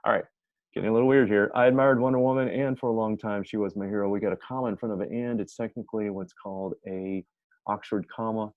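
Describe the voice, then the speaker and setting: A man's voice: fairly low pitch, steady tone, fast, no room sound. Chatty male grammar teacher, lo-fi. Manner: chatty, self-correcting, reads examples aloud. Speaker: writing teacher. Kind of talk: informal grammar lecture. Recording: dull dry lo-fi sound.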